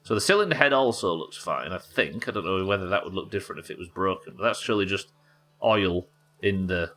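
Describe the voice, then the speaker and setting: A man's voice: deep voice, expressive, a little fast, fairly bright tone, soft background music. A man from England, streaming a game live and thinking aloud as he chats with viewers. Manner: muttering to himself, thinking aloud. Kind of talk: live gameplay commentary.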